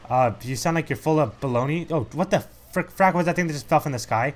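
A man's voice: on the high side, fast talker, few pauses. A young man giving casual, sarcastic commentary as he plays a video game. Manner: sarcastic, mocking, reads game text in put-on voices. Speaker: let's play host.

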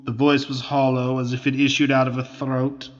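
A man's voice: medium pitch, level tone. Man reading an old account, reverberant. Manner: measured, formal old-fashioned reading. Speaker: reader. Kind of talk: reading aloud a historical account. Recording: dull lo-fi audio with long reverb.

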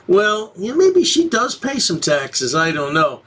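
A man's voice: fairly high pitch, huge pitch swings, a little slow, few pauses, fairly bright tone. A man hosting a commentary channel, mocking the people in the clip in a sarcastic, sing-song way. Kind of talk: sarcastic commentary over video.

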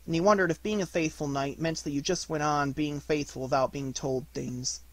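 A man reading a children's storybook aloud, gentle and measured in delivery. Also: fairly high pitch, fairly even intonation, no echo. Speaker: audiobook reader. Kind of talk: storybook narration.

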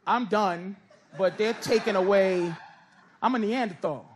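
A middle-aged man doing stand-up comedy and teasing people in the crowd, with loose, drawn-out delivery. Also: sits high. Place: comedy club stage with a laughing audience. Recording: live stage recording with crowd and noise. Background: audience laughter.

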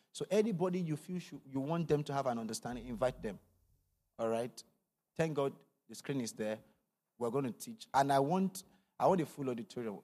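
A man leading a church service as pastor, making announcements and leading the congregation in declarations. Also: big-room sound. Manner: preacherly, rising to loud declarations; calm, low announcements. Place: church auditorium.

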